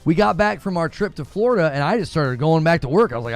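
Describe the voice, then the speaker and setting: A man's voice: a little high, racing, soft background music. A man, hosting a gaming livestream, joking with his chat and laughing often. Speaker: gaming channel host.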